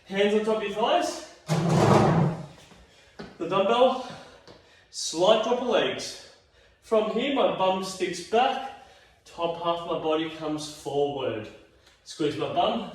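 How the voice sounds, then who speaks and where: Echoey, chatty fitness instructor. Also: male voice, a little high. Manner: encouraging, chatty, counts reps aloud. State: tired, yawning. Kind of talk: home exercise class instruction. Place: home exercise room. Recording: very echoey room, mic at a distance.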